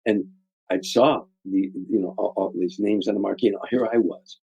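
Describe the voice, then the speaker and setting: An older comedian from the Chicago area, USA, tells rambling, heartfelt stories in an interview, often repeating words. His voice is fairly low, steady, and mellow, with vocal fry and a slight roughness, at a normal speed. The recording has no echo, but the highs are cut off.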